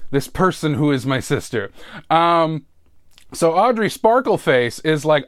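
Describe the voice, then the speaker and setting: Animated high-voiced male podcast host. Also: takes it slowly, no echo, studio quality. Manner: animated, jokey, wry asides. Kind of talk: casual solo podcast housekeeping.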